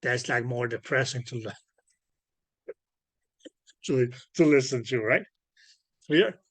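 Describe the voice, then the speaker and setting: A man teaching ultrasound physics in an online lecture over a computer microphone. He keeps checking whether students follow by asking "clear?", and he fills his sentences with "okay, yes". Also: medium pitch, takes it slowly, fairly bright tone, no echo. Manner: peppers speech with filler "okay, yes". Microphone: computer mic on a video call.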